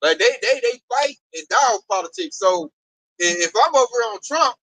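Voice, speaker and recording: A man talks in a casual group discussion, swinging his high voice up and down as he tells stories and swears freely. His tone is bright and sharp, and the sound is dry and close. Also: moderate pace, creaky, poor audio. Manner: animated, profane storytelling.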